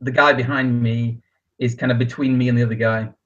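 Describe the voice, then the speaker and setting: A man's voice: mid-range voice, level tone, brisk, a bit bright, muffled recording. A man playing a tabletop game, talking in a hesitant, casual way. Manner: hesitant, full of ums and restarts. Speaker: player.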